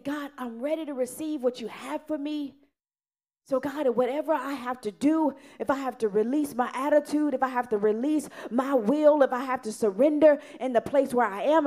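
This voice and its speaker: A woman preaching a sermon in an earnest, repetitive way, rising loud and then dropping soft. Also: sits high.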